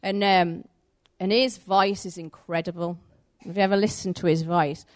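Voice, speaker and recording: Woman giving an informal, anecdote-driven sermon at a natural middle pitch. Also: normal speed. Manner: animated, conversational, acts out the story's voices. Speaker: preacher. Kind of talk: sermon with storytelling.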